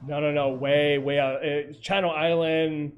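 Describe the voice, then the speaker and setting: A man with a fairly high voice recounts paranormal investigations over a video call. He rambles, trails off and corrects himself, and a faint hiss sits under his voice. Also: flat delivery, measured pace. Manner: rambling, many fillers and self-corrections.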